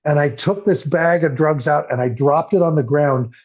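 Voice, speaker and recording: An older man appears as a podcast guest and tells his recovery story earnestly and emotionally, at a moderate pace. His voice is a little high with a darkish tone, and the audio is muffled and lo-fi.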